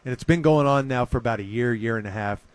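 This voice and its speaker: A man hosts a talk show in a relaxed, enthusiastic chat, at a middle pitch for a man. His voice is close and dry, with no room sound. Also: fast, no echo. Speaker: radio host. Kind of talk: casual chat.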